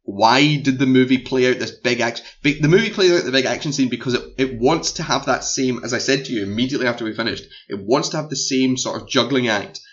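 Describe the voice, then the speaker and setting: A man's voice: mid-range voice, fast, hardly any pauses, muffled recording. A man with a Scottish accent, chatting casually about a film he watched, animatedly acting out the scenes and the movie's reactions. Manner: animated, acts out scenes and the movie as talking characters. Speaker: film podcast co-host. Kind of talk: casual film review chat.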